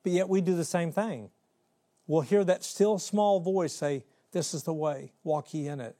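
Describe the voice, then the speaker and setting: A man delivering a sermon in a slightly high voice. He preaches emphatically, rising and dropping his volume. He slips into quick acted voices for his stories. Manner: emphatic, shifts between loud and hushed; acts out little voices of God, Satan and his kids.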